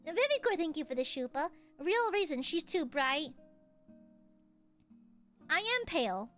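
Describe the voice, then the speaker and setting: A woman's voice: high-pitched, big pitch swings, unhurried, pauses often, a bit bright, soft background music. A young woman streaming casually as a VTuber, playful and jokey, often breaking into laughs and squeals. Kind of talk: casual livestream chat.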